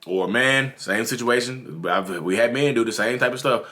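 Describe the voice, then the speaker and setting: A man's voice: medium pitch, moderate pace, hardly any pauses, pushed and bright. A man from North Carolina with a Southern drawl, talking earnestly and repetitively to his viewers as the host of his own channel. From North Carolina, USA. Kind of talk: casual advice monologue.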